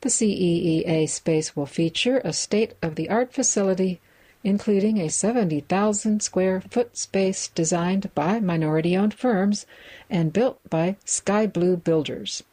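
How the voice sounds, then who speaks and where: A woman reading a magazine aloud in a measured way, describing its photos with the odd aside. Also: fairly low pitch, warm tone, poor audio. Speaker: reader of a magazine for listeners.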